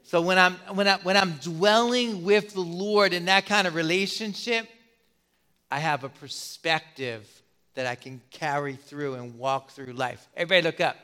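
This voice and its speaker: A middle-aged man preaching a sermon as a pastor, putting questions to the congregation and pausing for effect. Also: a little high, bright, forceful tone, smooth.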